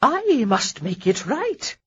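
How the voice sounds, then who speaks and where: A woman's voice: on the high side, wildly swooping pitch, takes it slowly, fairly bright tone, slightly rough, highs cut off, voice pushed up, heavily acted. A woman voicing a grand, imperious elderly lady who barks her pronouncements. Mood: grandiose.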